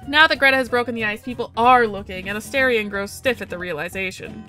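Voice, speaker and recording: A woman reading a visual novel aloud, expressive, voicing its narration. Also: fast, few pauses, soft background music. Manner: expressive, reads narration lower. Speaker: let's play narrator.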